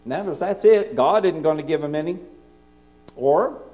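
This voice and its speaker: A man delivers a sermon in a high, animated voice that climbs and falls widely. His tone is mellow rather than bright, and he moves between forceful emphasis and quiet, hushed asides. The recording sounds dull and lo-fi. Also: unhurried. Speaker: preacher.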